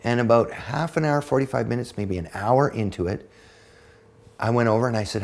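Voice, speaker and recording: A man in his fifties, a podcast guest, telling a personal story in a blunt, profane, animated way. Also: lowish voice, brisk. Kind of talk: storytelling in casual conversation.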